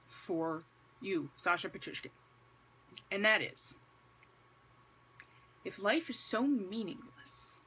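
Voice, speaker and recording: A woman's voice: mid-range voice, fairly bright tone, slightly rough. A woman talking to camera in casual vlog commentary with a religious message, wry and conversational, posing rhetorical questions and slipping in sarcastic asides. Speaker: vlogger.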